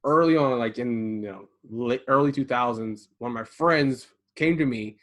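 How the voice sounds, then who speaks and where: Animated man telling stories casually. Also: medium pitch, normal speed. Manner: animated storytelling, acting out quoted voices. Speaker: podcast co-host. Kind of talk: casual conversation. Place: home garage.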